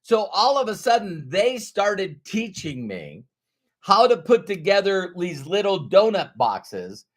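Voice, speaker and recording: Slow, emphatic male business trainer. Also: sits high, huge pitch swings. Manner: storytelling, rhetorical questions, slow emphatic stresses. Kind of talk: motivational training talk.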